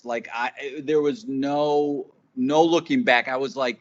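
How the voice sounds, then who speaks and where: A man, an improv teacher and guest, talking in a lively storytelling way and acting out quoted voices. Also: on the high side, a little slow, muffled recording, slight background noise. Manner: animated, acts out quoted voices. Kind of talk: casual interview storytelling.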